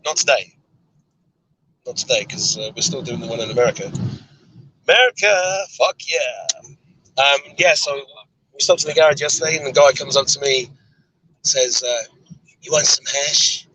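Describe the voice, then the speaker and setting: A man's voice: medium pitch, pushed and bright, a little hiss or hum, poor audio. An English man hosting a casual road-trip chat from inside a car, joking and teasing his guest. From England. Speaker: host.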